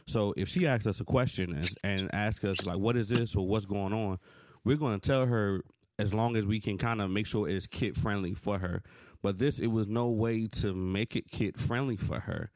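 A man in his thirties speaks in a fairly low voice, earnest and conversational. He tells personal stories with animation. The sound is dry and close, with no room echo. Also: moderate pace. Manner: earnest, animated storytelling, rising pitch when frustrated. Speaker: podcast co-host. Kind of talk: casual conversation.

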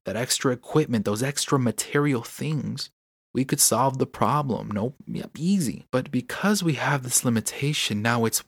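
A man's voice: medium pitch, expressive, normal speed, breathy edge, no echo, studio quality. A man hosting a podcast, talking candidly and earnestly on his own, frustrated but encouraging, often restarting his sentences. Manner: gives inspirational encouragement. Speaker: podcast host. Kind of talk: candid solo podcast monologue.

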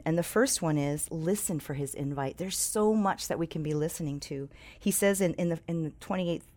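A woman's voice: lowish voice, darkish tone. A woman pastor preaching a sermon, reading scripture and talking earnestly to her listeners, often restarting her words. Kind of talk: sermon with prayer.

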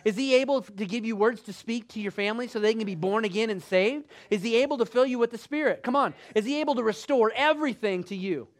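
A man preaching a sermon emphatically, asking the congregation rhetorical questions and rising to loud bursts. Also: high-pitched, fast talker, few pauses.

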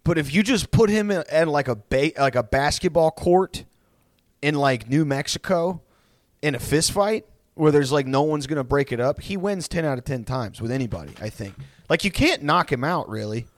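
A man's voice: a little high, animated, normal speed, dry recording. A man hosting a podcast in casual chat, rambling storytelling with lots of swearing and restarts. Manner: rambling, profane, many restarts. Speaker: podcast host.

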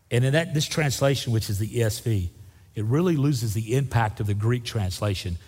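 A man's voice: mid-range voice, normal speed, a little mellow, slightly rough. A man preaching a sermon, reading scripture and acting out the voices with casual asides. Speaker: pastor. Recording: long hall reverb.

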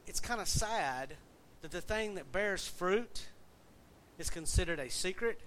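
Folksy Southern pastor with a higher voice. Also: male voice, animated, a little slow, fairly bright tone, a little hiss or hum. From Southern United States. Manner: folksy, conversational, quizzes the congregation. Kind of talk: sermon.

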